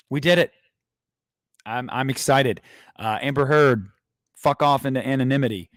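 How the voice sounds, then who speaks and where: A man hosting a casual movie news livestream who rambles and jokes crudely in an animated way. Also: fairly low pitch, dry recording, studio quality. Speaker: host of a movie news stream.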